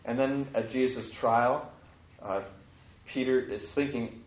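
A man with a mid-range voice and steady tone preaches slowly in a casual sermon. Retelling scripture in conversation-like fashion, he acts out the quoted lines with sudden lifts, and the room sound is echoey, dull and lo-fi.

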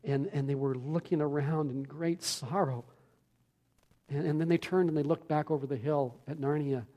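A male preacher delivers a sermon in an earnest storytelling manner. His voice sits fairly high, and he often repeats words as he goes. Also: steady tone, moderate pace, warm tone.

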